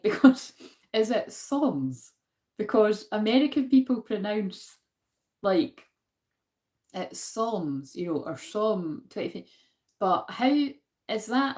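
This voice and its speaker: A woman with a Glaswegian accent hosting a spiritual card-reading live stream in a chatty, self-deprecating way, laughing often and talking back to her viewers. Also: medium pitch. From Scotland. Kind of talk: casual live-stream chat with verse reading.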